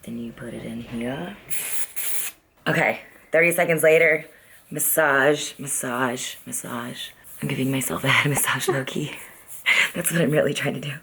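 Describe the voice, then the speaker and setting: A young woman with a low-pitched voice talks straight to camera in an easy, candid vlog manner. She is chatty and laughs easily, with a faint hiss of background noise under her voice. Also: normal speed, fairly bright tone. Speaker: vlogger. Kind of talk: casual vlog chat.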